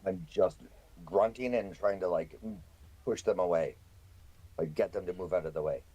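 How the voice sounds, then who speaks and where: A man playing in a tabletop game, describing his character's actions in an unhurried way. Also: sits low, dark tone, husky. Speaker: player. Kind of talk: casual tabletop play.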